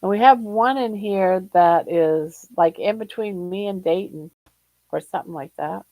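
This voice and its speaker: Slow, gravelly older woman chatting. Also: mid-range voice, no echo, poor audio. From Ohio, USA. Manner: slow, relaxed and chatty, greeting viewers by name. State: short of breath. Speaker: livestream host. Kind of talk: casual livestream chat with viewers.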